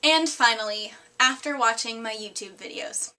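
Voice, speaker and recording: A woman's voice: high voice, a little fast, sharp tone. A young woman in her twenties, hosting her own vlog in an upbeat, playful way. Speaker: vlogger. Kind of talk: casual vlog narration.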